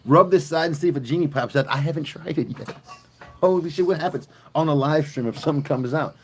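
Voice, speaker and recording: A man from South Mississippi with a Southern American accent, chatting excitably with viewers on a live stream and swearing freely. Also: fairly high pitch, fast talker, a little hiss or hum. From South Mississippi, USA.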